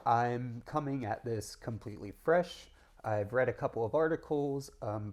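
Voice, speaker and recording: Young guy, low gravelly voice, rambling casual camera talk with lots of ums. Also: darkish tone. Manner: chatty, frequent ums and restarts. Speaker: vlogger doing a design challenge.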